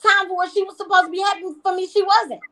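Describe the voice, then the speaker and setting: High-voiced woman telling stories. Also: fast talker, low-quality recording. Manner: animated storytelling, emphatic repetition. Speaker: reality TV guest. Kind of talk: casual interview chat.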